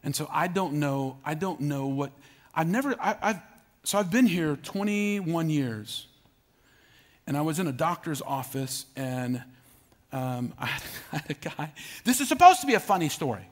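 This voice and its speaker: A man's voice: on the high side, animated, normal speed. A middle-aged man, preaching a sermon, emphatic and repetitive, calling out to his congregation. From Southern United States. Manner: emphatic, repeats phrases, calls out to congregation. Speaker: pastor.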